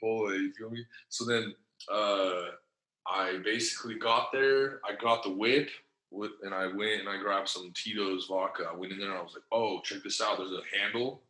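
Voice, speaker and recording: A man's voice: lowish voice, bright, forceful tone, reverberant, low-quality recording. A man telling a long story in casual, profane slang, acting out the quotes as he goes. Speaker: podcast guest.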